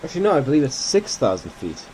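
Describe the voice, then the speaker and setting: A man's voice: on the high side, very animated, fast talker, warm tone, a little hiss or hum, poor audio. A man giving casual commentary while playing a flight simulator, thinking aloud and correcting himself as he goes.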